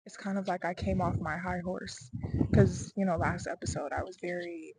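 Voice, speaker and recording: Young woman, earnest rambling vlog talk, emphatic bursts, steady noise behind her. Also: fairly low pitch, moderate pace, gravelly. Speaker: vlogger. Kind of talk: personal reflective vlog.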